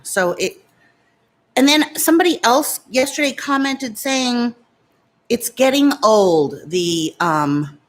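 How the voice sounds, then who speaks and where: Slow-talking, defiant woman vlogger. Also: mid-range voice, fairly bright tone. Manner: defiant, chatty, talks back to critics. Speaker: YouTube beauty vlogger. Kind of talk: casual makeup chat, answering viewer comments.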